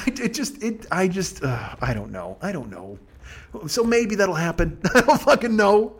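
High-voiced man on a profane rant. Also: big pitch swings, slightly rough. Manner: profane, rambling, self-deprecating rants; quick emphatic bursts that drop to mumbling. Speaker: podcast host. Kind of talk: casual chat.

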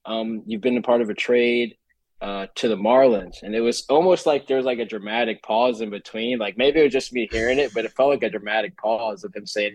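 Young man, low dry voice. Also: brisk, no room sound, poor audio. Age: young adult. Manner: relaxed storytelling with many fillers. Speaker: guest baseball player. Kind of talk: casual interview chat.

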